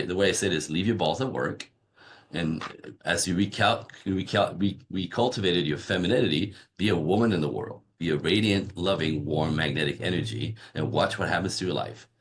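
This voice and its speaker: Guy with a really deep voice on a podcast, coaching talk, tells stories and does the voices. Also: a little fast, slight background noise. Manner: animated storyteller acting out dialogue. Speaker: relationship coach guest. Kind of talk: conversational podcast interview.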